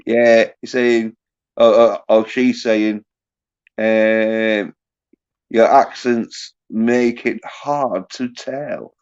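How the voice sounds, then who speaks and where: Brief: slow, halting male streamer, casual swearing, muffled lo-fi sound. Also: fairly low pitch, fairly even intonation, darkish tone, clean tone. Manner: halting, profane, joking. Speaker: host. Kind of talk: casual livestream chat. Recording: muffled lo-fi audio.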